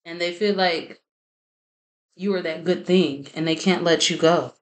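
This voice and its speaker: A woman's voice: fairly low pitch, steady tone, unhurried. A woman giving a chatty tarot reading, praying aloud and often laughing. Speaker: tarot reader. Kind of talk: casual tarot reading to camera.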